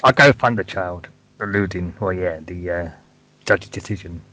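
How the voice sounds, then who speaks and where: A man's voice: low voice, normal speed, bright, forceful tone, poor audio. A man co-hosting a casual podcast, hesitant and thinking aloud with many ums. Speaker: podcast co-host.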